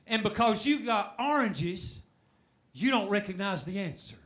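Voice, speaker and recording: Man preaching a shouted sermon. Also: lively intonation. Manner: swings from shouted calls for praise to low, quick teaching asides.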